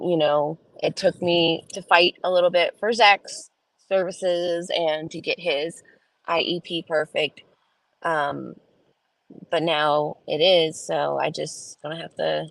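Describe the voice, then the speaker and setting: Woman vlogger in her thirties, gravelly low voice, chatty and indignant, dry close sound. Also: unhurried, a bit bright, dry recording, low-quality recording. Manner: chatty, indignant, jumps into high voices when quoting her kids. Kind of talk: casual storytelling vlog.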